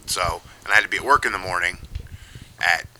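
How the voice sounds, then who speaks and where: Very deep, bright-toned wry young man. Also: fairly quick, low-quality recording. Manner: dry, self-mocking, wry asides. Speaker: podcast co-host. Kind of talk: casual chat.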